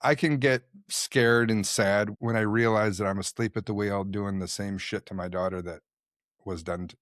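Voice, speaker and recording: A male podcast host speaks in a reflective, candid way, often teasing himself. His voice is on the low side, recorded close and dry. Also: steady tone, moderate pace, fairly bright tone, no echo. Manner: candid, self-deprecating, thoughtful. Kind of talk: reflective conversational talk.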